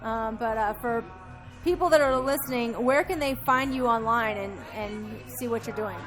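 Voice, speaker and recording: A woman host interviewing a comedian in a dive bar, asking relaxed, friendly questions. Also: a little high, moderate pace. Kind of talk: casual interview chat. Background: music.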